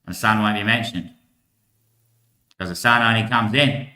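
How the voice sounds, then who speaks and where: A man's voice: lowish voice, fairly even intonation, normal speed, sharp tone. A man talking in a long rambling monologue, laughing between thoughts. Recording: echoey room.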